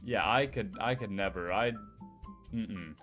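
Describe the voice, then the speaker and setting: A man's voice: lowish voice, measured pace, lo-fi sound, soft background music. A young man chatting casually on a stream, rambling and joking and swearing now and then. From United States. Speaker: VTuber streamer. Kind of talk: casual chat.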